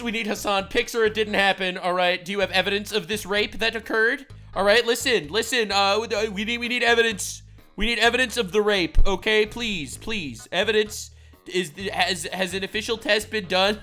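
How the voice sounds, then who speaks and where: Bright-voiced sarcastic man reacting. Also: sits high, moderate pace, soft background music. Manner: sarcastic, profane, excitable. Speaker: reaction commentator. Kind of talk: livestream reaction commentary.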